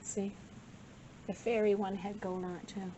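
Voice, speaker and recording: A woman's voice: mid-range voice, level tone, measured pace, dark tone, slight background noise, poor audio. An older woman giving a casual, rambling show-and-tell of her craft supplies, slightly out of breath and correcting herself as she goes. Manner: rambling, chatty, self-correcting. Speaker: craft vlogger.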